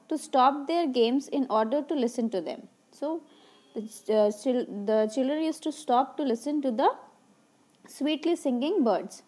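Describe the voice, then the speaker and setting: A woman's voice: sits high, a little slow, warm tone. Woman teacher explaining a story. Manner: reads a passage aloud, then paraphrases it simply with questions and fillers. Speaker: school English teacher. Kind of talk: classroom reading and explanation of a story.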